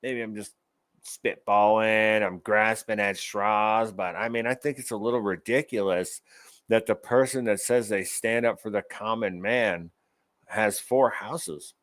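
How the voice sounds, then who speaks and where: A man's voice: lowish voice, steady tone, measured pace, a bit bright, dry recording. A man hosting an online commentary show, ranting angrily about news clips with profanity and sarcasm. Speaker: show host.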